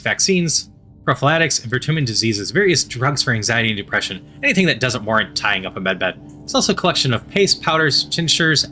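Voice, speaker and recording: Male game narrator, bright tone, offhand commentary. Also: mid-range voice. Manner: reads quickly with stumbles and laughing asides.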